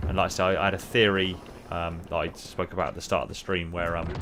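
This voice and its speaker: This low-pitched man talks fast in a level tone, giving casual gaming commentary full of fillers to his stream viewers as he plays. Behind his voice you can hear game gunfire and other sound effects.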